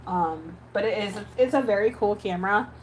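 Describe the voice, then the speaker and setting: A woman's voice: mid-range voice, normal speed, background noise. A woman who makes ASMR videos chatting casually while editing, rambling with many fillers and restarts. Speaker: ASMR creator.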